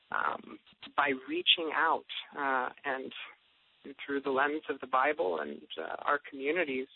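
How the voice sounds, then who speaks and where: A man's voice: medium pitch, creaky. A man, the guest author, speaking thoughtfully with frequent fillers in a reflective conversation about faith. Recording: tinny phone line.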